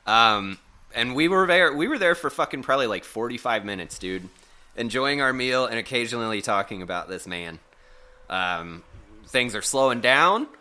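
A man's voice: mid-range voice, normal speed. A man telling a rambling, profane story in casual podcast chat, acting out the people in it. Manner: profane, animated, acts out quotes.

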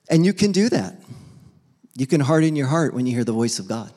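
A man's voice: medium pitch, expressive, moderate pace, long pauses, darkish tone. A young adult man preaching a casual, humorous sermon as pastor, acting out little back-and-forth dialogues between people and God.

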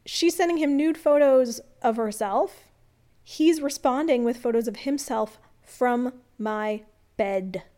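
Earnest woman telling a personal story. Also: slow pace. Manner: earnest, confiding, reflective; drops to a calm low hush when quoting herself. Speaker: vlogger.

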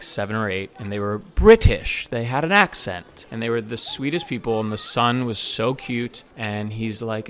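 A man tells a story with an earnest, eager warmth. His voice sits on the low side, and he keeps up a chatty, personal delivery. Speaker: bartender and server. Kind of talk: personal anecdote to camera.

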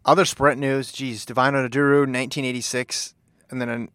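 A man's voice: medium pitch, little pitch movement, fairly quick, fairly bright tone, smooth, no room sound. Man in a dry close-miked sports chat. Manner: enthusiastic, laughs while telling anecdotes.

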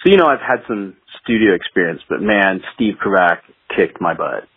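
A man's voice: deep voice, expressive, moderate pace, husky, no echo. A man being interviewed as a guest guitarist, telling rambling studio stories in a casual way and laughing as he goes. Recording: tinny phone-like line, dry.

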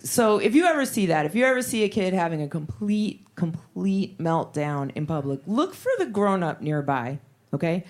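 Lower-voiced woman doing stand-up. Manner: conversational, deadpan build to punchlines. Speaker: stand-up comedian. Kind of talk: stand-up comedy set.

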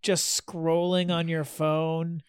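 A man co-hosting a casual comedy podcast, laid-back and teasing, pitching tips and laughing easily. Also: level tone, slow, clear, resonant tone, no echo, clean studio sound. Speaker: podcast co-host.

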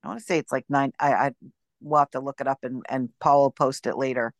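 A woman's voice: a bass voice, steady tone, fast talker, dry recording, studio quality. A woman guesting on a podcast in casual, chatty talk.

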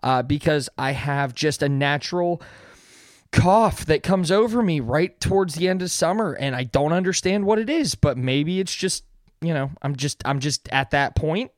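With a fairly high, expressive voice at normal speed, a thirty-something podcast host talks earnestly on his casual solo show, rambling through many fillers and restarts. The audio is clean studio sound without any room noise.

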